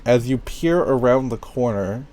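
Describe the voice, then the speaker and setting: A man's voice: medium pitch, lively intonation, measured pace, a little mellow. A man narrating a tabletop game as game master, casual, laughing and swearing freely.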